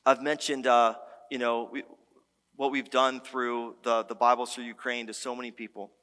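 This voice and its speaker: A man's voice: medium pitch, moderate pace, clear, resonant tone. A man preaching a sermon as pastor, talking conversationally and telling stories with lots of restarts. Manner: conversational, animated storytelling with many restarts. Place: church sanctuary. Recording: long church-hall reverb.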